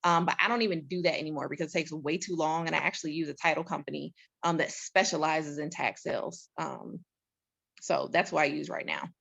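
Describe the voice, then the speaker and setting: A woman's voice: sits low, fairly even intonation, fairly quick, gravelly, fairly bright tone, breathy edge. A woman giving a casual, chatty talk as a real estate investor, laughing often.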